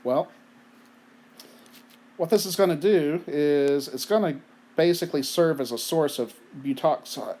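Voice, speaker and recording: A man's voice: on the high side, measured pace, long pauses, warm tone. A man giving a recorded chemistry lecture in a conversational way, asking rhetorical questions and often checking in with "right?"; he has the hiccups. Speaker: chemistry teacher.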